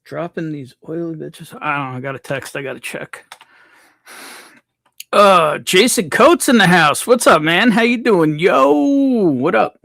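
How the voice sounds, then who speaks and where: A man's voice: on the high side, measured pace, creaky, pushed and bright. A man hosting a casual livestream, reading out viewers' names from the chat and greeting them one by one. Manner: reads chat names aloud, laid-back. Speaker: livestream host.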